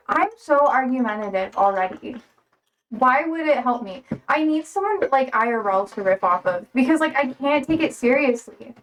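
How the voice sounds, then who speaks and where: A woman's voice: high voice, animated, moderate pace, recorded from a distance. A young woman livestreaming, chatting casually with viewers, rambling with lots of fillers and frequent laughter.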